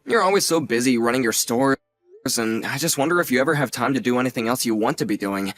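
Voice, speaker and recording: Actor as an earnest young man in his twenties, average pitch, sincere and grateful. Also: animated, fast, natural voice. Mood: teasing. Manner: sincere, gently teasing. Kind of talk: audio drama acting.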